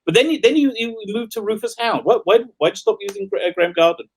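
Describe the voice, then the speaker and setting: Give me an eager male host with a lively, fairly high voice, stumbling over his words. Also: quick pace, slightly rough. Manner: enthusiastic fan, stumbling and repeating words. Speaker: podcast host. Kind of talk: casual interview over video call.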